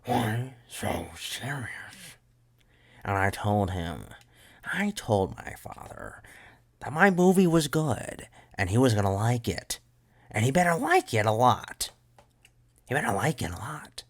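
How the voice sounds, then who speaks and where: A man putting on the voice of a brooding, menacing male villain, drawing out his words slowly. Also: fairly low pitch, wildly swooping pitch, vocal fry, slightly rough, heavily acted. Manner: slow, drawn-out delivery.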